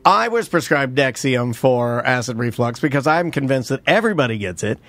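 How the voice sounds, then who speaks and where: A man's voice: mid-range voice, lively intonation, moderate pace, fairly bright tone, dry recording. A man co-hosting a podcast, joking crudely and teasing in casual chat. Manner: joking, crude, teasing, breaks into mock voices. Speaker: podcast co-host.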